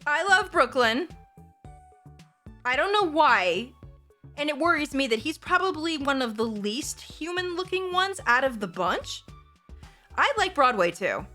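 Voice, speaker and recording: A woman streamer talks to her chat in a bright, fairly high voice that swings widely in pitch. She is animated and playfully gushing, swears freely, and faint music plays behind her. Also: unhurried, long pauses. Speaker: livestreamer. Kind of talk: casual livestream chat.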